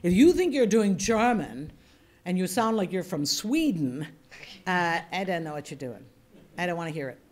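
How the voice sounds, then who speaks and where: A woman's voice: on the low side, expressive, moderate pace, darkish tone. A woman teaching a voice and reading workshop, talking bluntly and demonstrating with her own voice as she answers questions in a room. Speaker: voice and reading instructor.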